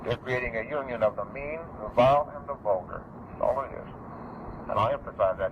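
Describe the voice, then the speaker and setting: A man's voice: mid-range voice, brisk. A middle-aged man giving an emphatic, repetitive public lecture, preserved on an archival recording. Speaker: speaker. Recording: dull lo-fi archival recording with faint noise.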